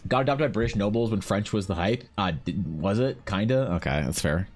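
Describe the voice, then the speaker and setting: A man's voice: on the low side, lively intonation, fairly quick. A man streaming live as he draws, talking casually to himself and his chat, rambling and swearing freely.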